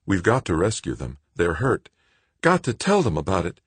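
A man voicing an injured young man who speaks in a strained croak. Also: low voice, huge pitch swings, normal speed, no room sound, voice pushed up, exaggerated voice. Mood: urgent.

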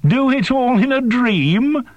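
A man voicing a daring, blunt young woman wing flyer who shouts over the wind. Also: very high-pitched, expressive, takes it slowly, no echo, muffled recording, pitched above the performer's own voice, full character voice. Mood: shouting.

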